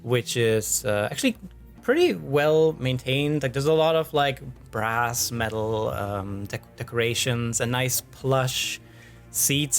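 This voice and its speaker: A man narrating as game master in a relaxed, loose way, with many pauses and fillers. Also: medium pitch, gravelly, faint music behind. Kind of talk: casual narration of a tabletop game.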